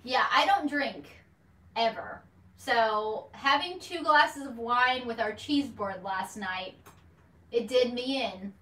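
Woman vlogger, bubbly and chatty, high and lively voice, bright tone, roomy echo off a distant camera mic. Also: slow. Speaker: beauty vlogger host. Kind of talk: casual live-stream chat. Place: indoor room at home. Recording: echoey room, voice off-mic, faint hiss.

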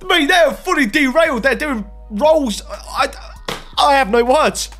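Excitable young gaming commentator. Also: male voice, very high-pitched, a little slow. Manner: excitable, swinging between hype and groans. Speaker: gaming YouTuber. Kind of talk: pack-opening commentary. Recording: faint music underneath.

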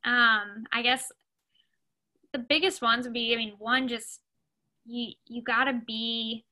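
A woman's voice: on the high side, fairly even intonation, slow pace, bright, forceful tone, rough recording. A young woman talking casually as a podcast guest, with many fillers like "you know" and "like". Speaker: sports agent, podcast guest. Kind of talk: casual interview talk.

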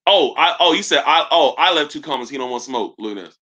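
A young man runs a live sneaker stream, reading comments and roasting viewers with loose, slangy jokes. His mid-range voice is animated, quick, pushed and bright.

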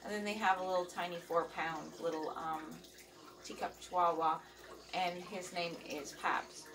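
A woman's voice: lowish voice, fairly even intonation, moderate pace. A middle-aged woman hosting a vlog in casual chat, rambling along with lots of ums and uhs. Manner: rambling and chatty, with many fillers. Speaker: vlog host. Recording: distant mic with running water noise.

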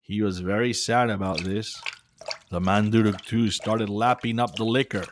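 A man narrating a children's adventure story in a calm, measured way. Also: on the low side, a little hiss or hum. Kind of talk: scripted narration.

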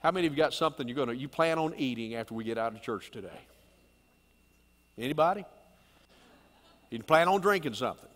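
A man's voice: mid-range voice, expressive, fast talker, long pauses, fairly bright tone, in a large hall. A middle-aged male pastor preaching a sermon in a folksy, conversational manner, often asking the congregation questions. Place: church sanctuary.

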